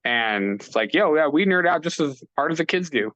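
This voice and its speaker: Male podcast co-host, bright and eager, casual swearing, muffled lo-fi sound. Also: fairly high pitch, expressive, normal speed, no room sound. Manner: enthusiastic, supportive, swears casually. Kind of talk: casual chat.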